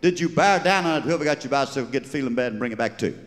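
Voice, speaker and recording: A man's voice: medium pitch, lively intonation, racing, long reverb tail, natural voice. A man with a Southern US accent voicing an earnest young Methodist preacher exhorting a colleague, recorded live on stage.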